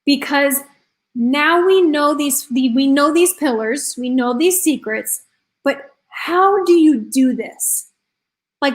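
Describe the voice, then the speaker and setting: Woman coach, high voice, excitable presenter who tells stories to her viewers. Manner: enthusiastic, storytelling, addresses audience directly. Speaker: health and confidence coach. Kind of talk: live online presentation.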